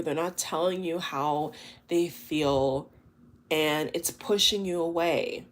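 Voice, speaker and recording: A woman with a slightly low voice reads tarot cards for her viewers. She talks in a loose, chatty way, often breaking into exclamations. Her delivery is emotive and full of fillers. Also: slow pace. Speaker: tarot reader. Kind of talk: collective tarot reading.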